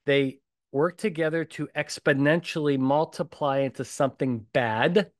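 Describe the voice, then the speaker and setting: Clean studio sound with no room sound captures a man hosting his own podcast solo, his voice on the high side and his pace moderate. The talk is blunt, emphatic, and animated, with lots of punchy repetition.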